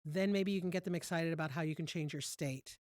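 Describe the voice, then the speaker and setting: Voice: mid-range voice, fast talker, darkish tone, dry recording, studio quality. A podcast co-host telling an earnest campaign story with fillers such as "you know". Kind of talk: casual podcast chat.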